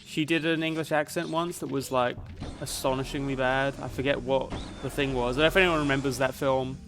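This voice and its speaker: A man's voice: mid-range voice, fairly even intonation, a little fast, music in the background. A young man from Canada, live streaming a video game and musing aloud in a casual, rambling way. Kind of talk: casual chat while playing a video game.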